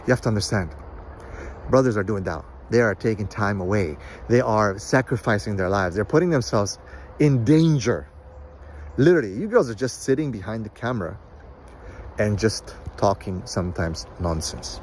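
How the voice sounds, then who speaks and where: A man giving a blunt, lecturing monologue as a counselor and commentator, sometimes mocking others in a higher voice. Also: animated, normal speed, darkish tone, slight background noise. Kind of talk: opinionated monologue.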